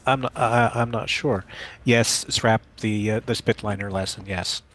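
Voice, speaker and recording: A man's voice: fairly low pitch, fairly even intonation, measured pace, fairly bright tone, slight background noise. A man co-hosting a casual livestream, talking hesitantly and often trailing off or restarting.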